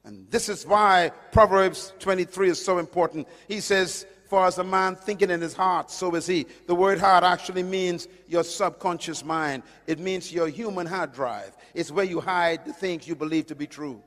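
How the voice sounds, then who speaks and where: Man, sermon, high voice, booming hall reverb, emphatic. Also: steady tone, moderate pace, few pauses. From Caribbean island. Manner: emphatic, swings from loud to hushed. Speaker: preacher.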